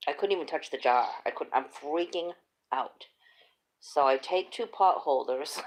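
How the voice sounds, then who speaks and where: Low gravelly middle-aged lady chatting, animated storyteller, laughs a lot. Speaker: host. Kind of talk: casual chat.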